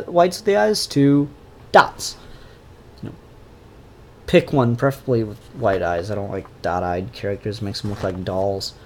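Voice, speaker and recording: A man casually reviewing comic books, rambling and opinionated with frequent fillers. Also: mid-range voice.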